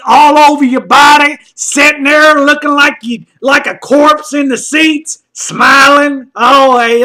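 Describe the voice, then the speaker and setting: A man delivering a loud, mocking comedic rant, often shouting and rambling with lots of "uh" fillers. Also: extremely high pitch. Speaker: comedic commentator.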